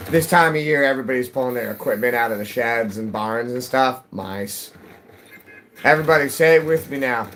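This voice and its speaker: A man's voice: mid-range voice, fairly bright tone, a little hiss or hum, rough recording. A man live-streaming a game, chatting casually with viewers in a rambling, jokey way, his voice cracking. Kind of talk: casual live-stream chat while gaming.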